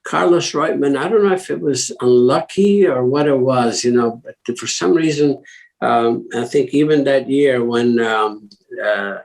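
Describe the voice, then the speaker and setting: An older man speaks as a podcast guest, from Italy originally. He rambles through his stories with many fillers, restarts and small chuckles, and his voice sits at an ordinary mid pitch. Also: measured pace, creaky, a little mellow, rough recording. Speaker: guest, former racing driver. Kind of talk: casual interview talk.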